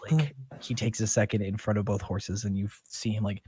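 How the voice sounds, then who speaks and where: Brief: husky, low-voiced male game master, halting narration, dry mic. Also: mellow. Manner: halting, filler-heavy narration.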